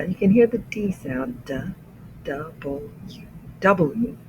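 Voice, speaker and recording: A man teaching the letters of the alphabet as an English lesson, saying each letter slowly and explaining how the mouth shapes it. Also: high-pitched, background noise. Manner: careful, deliberate letter-by-letter demonstration. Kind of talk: slow pronunciation lesson.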